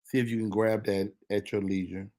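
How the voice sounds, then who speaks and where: A man hosting a live comedy talk show, playful and teasing, often bursting into loud excited shouts. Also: lowish voice, brisk. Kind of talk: loose live comedy chat.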